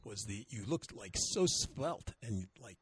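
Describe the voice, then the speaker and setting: A man's voice: on the low side, lively intonation, slow, a little hiss or hum. A man hosting a casual chat, chiming in with joking, teasing remarks.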